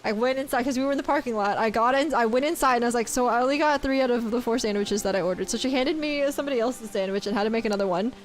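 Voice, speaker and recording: A woman's voice: on the high side, rapid-fire, hardly any pauses. A woman streaming a game, chatting casually and giggling as she reads chat aloud.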